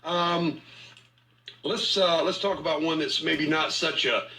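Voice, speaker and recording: A man's voice: on the high side, steady tone, takes it slowly, pushed and bright, low-quality recording. A man ranting at a rival in a mocking, profane, confrontational way, repeating himself as he taunts. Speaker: online commentator in a feud. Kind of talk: confrontational rant.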